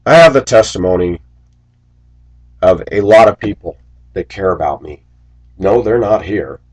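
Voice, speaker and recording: Low husky-voiced man rambling. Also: lively intonation, a little slow, darkish tone. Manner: preachy, aggrieved, storytelling with asides. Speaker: school bus driver. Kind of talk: rambling personal monologue.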